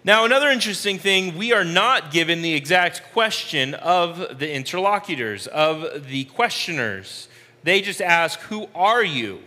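A man teaching a Bible study, explaining verse by verse in a slow, deliberate way and repeating key phrases. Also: on the high side, animated, bright, forceful tone, in a large hall.

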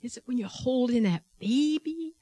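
Animated woman telling a testimony, dry sound. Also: a little high, moderate pace, no echo. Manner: animated, laughs often, acts out the people she quotes. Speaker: healthcare worker. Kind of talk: personal testimony storytelling.

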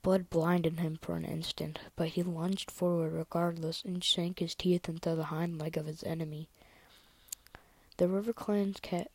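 A woman reading a story aloud in a soft whisper, with small slips and restarts. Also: fairly low pitch, little pitch movement, unhurried, husky, no room sound, low-quality recording.

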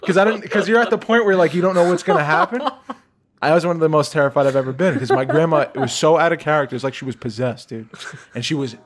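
A man co-hosting a casual podcast chat, telling a childhood story and getting loud and high-pitched as he relives the fright. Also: fast. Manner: animated, rises high and loud when retelling fright. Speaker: podcast host.

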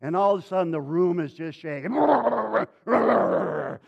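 A male pastor with a high voice preaches a dramatic sermon, rising loud and then dropping to a hush. The recording sounds a little dull. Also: fast. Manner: dramatic, swinging from loud to hushed.

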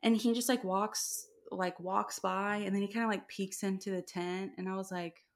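A woman's voice: mid-range voice, normal speed. A woman co-hosting a podcast, telling stories in casual chat, acting out quoted lines and laughing often. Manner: animated storytelling, acts out quoted dialogue, laughs often. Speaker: podcast co-host.

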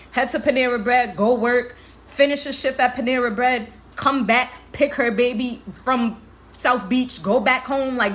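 This livestream host, a woman in her twenties, is tearful as she talks candidly and with feeling, laughing often and swearing freely in heavy slang. Her voice is on the high side and a bit bright.

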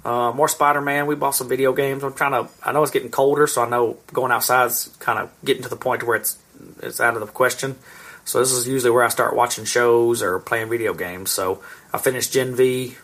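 A man's voice: medium pitch, flat delivery, brisk, fairly bright tone. A man in his thirties, a podcast co-host, telling long rambling stories in casual chat and swearing freely. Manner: rambling storyteller, swears a lot.

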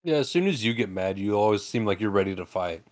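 A man's voice: fairly low pitch, lively intonation, quick pace. A man co-hosting a podcast, teasing his friend in casual chat and laughing often. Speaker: podcast co-host.

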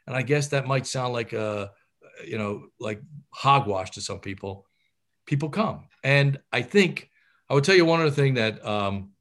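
A middle-aged male surgeon gives advice in an interview. His voice sits at an ordinary pitch. He talks with high energy, full of fillers and self-corrections. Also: moderate pace. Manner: animated, energetic, with frequent fillers and restarts.

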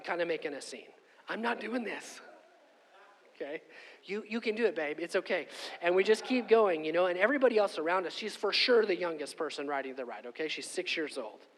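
A middle-aged man preaching a sermon and telling a personal story, conversational and animated, often asking "okay?". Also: a little high. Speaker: pastor. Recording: long hall reverb.

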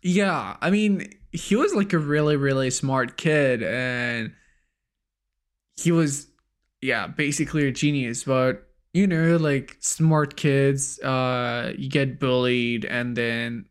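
A man's voice: mid-range voice, slow pace, clear, resonant tone. Casual man with a French accent. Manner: casual, lots of fillers like "like" and "you know". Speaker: podcast co-host. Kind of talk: casual podcast chat.

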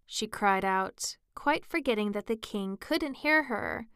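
Woman narrator, audiobook reading, slow, smooth voice, dry sound. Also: medium pitch, lively intonation, fairly bright tone, no room sound.

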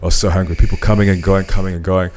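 A man's voice: sits low, level tone, racing, a little mellow, a little hiss or hum. A man from New Zealand with a New Zealand accent, hosting a podcast and telling a personal story casually, with plenty of fillers. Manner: storytelling, lots of "bro" and "um". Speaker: podcast host. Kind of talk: casual chat.

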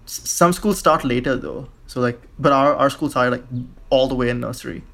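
A young man from India, a podcast guest, talking in a relaxed, halting way with many likes and restarts. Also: mid-range voice, creaky. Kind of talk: casual conversation.

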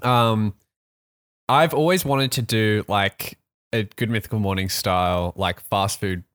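A man with an Australian accent co-hosting a casual podcast chat while taste-testing snacks, animated and laughing. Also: measured pace, smooth. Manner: animated, laughing, lively pitch swings. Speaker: podcast co-host.

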